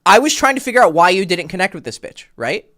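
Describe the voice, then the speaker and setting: Animated, blunt male dating coach. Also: high-pitched, fast. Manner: blunt, animated, swears casually. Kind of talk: coaching a client on a call.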